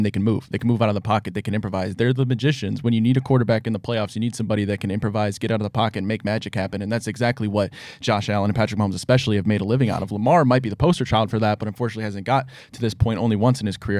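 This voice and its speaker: A man's voice: on the low side, darkish tone, no room sound. A man giving football analysis on a live panel, firing off rhetorical questions. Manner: rapid-fire, rhetorical questions. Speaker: sports analyst. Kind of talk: live sports talk panel.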